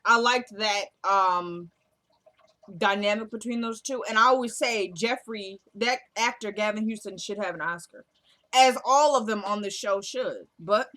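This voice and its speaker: A woman's voice: medium pitch, pushed and bright. A woman recapping a TV drama episode in casual chat, retelling scenes through quoted dialogue and gushing about the actors. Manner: gushes, laughs. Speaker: TV episode reviewer.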